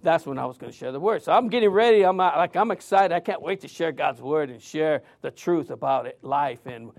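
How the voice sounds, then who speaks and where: A man's voice: a little high, lively intonation, a little fast, gravelly, darkish tone. A man preaching a sermon in a loose, conversational storytelling way, full of fillers and restarts. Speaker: pastor.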